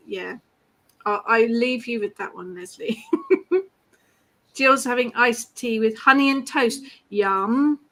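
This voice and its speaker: A woman with a high voice chats her way through viewers' comments, laughing often. Her talk is casual and friendly. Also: a bit bright. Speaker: ritual host. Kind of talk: casual chat reading out comments.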